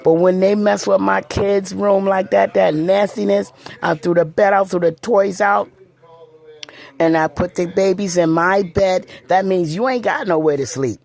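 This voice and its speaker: A woman's voice: mid-range voice, unhurried, vocal fry, darkish tone. A middle-aged woman telling a personal story in a blunt, emphatic way, often repeating herself.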